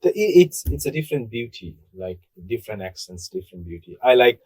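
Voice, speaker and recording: A man's voice: medium pitch, fairly quick, breathy edge, no room sound, low-quality recording. A man from Bangladesh, chatting casually on a podcast and repeating words as he talks. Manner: animated, repeats words, does playful accent impressions. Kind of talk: casual chat.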